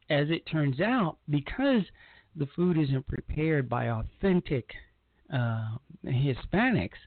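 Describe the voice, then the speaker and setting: A broadcast host who lives in Georgia delivers a casual monologue in a medium-pitched voice over a dry, tinny, phone-like line with no room sound. He rambles and often repeats himself as he restarts sentences.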